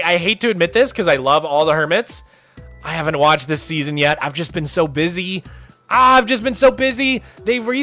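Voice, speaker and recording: Bright-voiced young male streamer. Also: fairly high pitch. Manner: chatty, reads chat aloud, loose restarts. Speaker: streamer host. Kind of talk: casual livestream chat.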